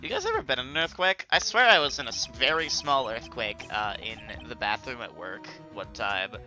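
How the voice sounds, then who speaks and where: Young man, Let's Play commentary, joking, very bright voice, faint game music. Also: medium pitch, very animated, moderate pace. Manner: joking, chuckles at his own asides. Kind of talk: casual gameplay commentary.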